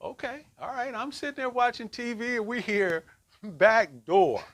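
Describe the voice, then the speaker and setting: His pitch is extremely high and slightly bright, and he talks fairly quickly. A middle-aged man, he's running a relationship workshop for a group, chatting conversationally and checking in with "right?" often.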